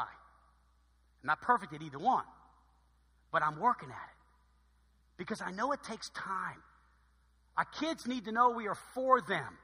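A middle-aged man preaching a sermon as pastor, telling stories in an animated way that swings between loud bursts and quiet asides. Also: high-pitched, breathy edge. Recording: long reverb of a large hall.

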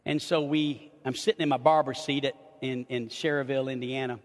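A man's voice: medium pitch, steady tone, fairly quick, big-room sound. A middle-aged man preaching as a pastor, telling a story animatedly and often restarting and repeating his words. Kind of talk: storytelling sermon. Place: church sanctuary.

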